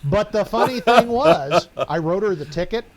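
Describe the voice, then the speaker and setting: Middle-aged male co-host, retired officer, high-pitched, wry and casual. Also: animated, normal speed. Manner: wry, joking storyteller. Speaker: podcast co-host, former police officer. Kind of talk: casual storytelling chat.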